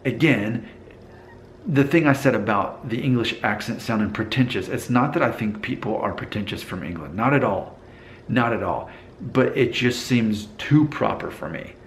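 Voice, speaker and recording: A man's voice: medium pitch, lively intonation, moderate pace, echoey room, a little hiss or hum. An American man talking casually to camera, thinking aloud, with frequent fillers and restarts. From United States. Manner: thoughtful, hesitant, with many fillers and restarts. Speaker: vlogger.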